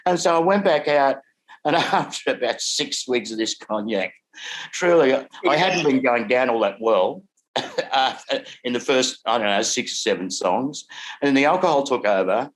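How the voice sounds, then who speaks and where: An older Australian man, a guest songwriter, telling lively stories over a video call and laughing as he goes. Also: medium pitch, moderate pace, slight background noise. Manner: animated storyteller, laughs through his stories. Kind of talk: casual anecdote telling.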